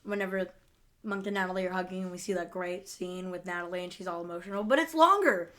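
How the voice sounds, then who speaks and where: A woman's voice: fairly low pitch, fast, a bit bright. A woman co-hosting a podcast, chatting casually and enthusiastically about a TV episode, with frequent laughter. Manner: enthusiastic, laughs often, lots of fillers. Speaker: podcast co-host. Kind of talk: casual chat recapping a TV episode.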